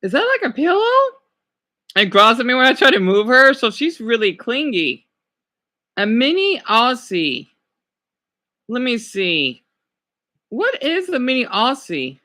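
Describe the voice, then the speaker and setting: A man's voice: very high-pitched, big pitch swings, sharp tone. A man chatting casually on a livestream, gushing and drawing out his words. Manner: gushing, drawn-out swoops when cooing over dogs.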